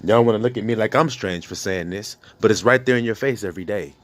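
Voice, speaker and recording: This man preaches quickly in a fairly low voice, bluntly and with profanity. Passionate before his congregation, he keeps hurling rhetorical questions at them.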